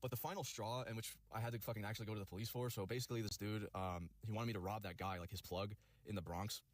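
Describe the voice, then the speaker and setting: A man tells a long personal story at breakneck speed, swearing constantly and piling up fillers. His voice sits somewhat low. The sound is dry and close to the mic. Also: steady tone, dry recording. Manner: rapid, profane, rambling with many fillers. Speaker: vlogger telling a personal story. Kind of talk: rambling storytelling.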